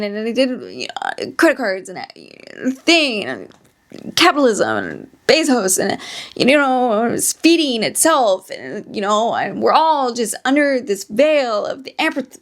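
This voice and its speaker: Female solo podcaster with a high voice who tells casual stories and drifts into tangents. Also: vocal fry. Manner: rambling, prone to tangents. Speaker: podcast host. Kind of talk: casual storytelling chat.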